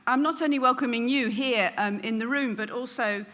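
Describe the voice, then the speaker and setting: A woman from England with a southern English accent, giving an earnest prepared welcome speech as event host, pausing on frequent ums. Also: fairly high pitch, fairly bright tone. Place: event venue hall.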